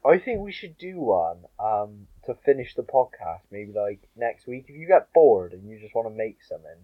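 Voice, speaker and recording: A man's voice: lowish voice, big pitch swings, moderate pace, no echo. A young British man co-hosts a casual podcast, eagerly pushing his ideas. He comes through a dull, muffled mic with a dry, close sound. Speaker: podcast co-host. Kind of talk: casual chat.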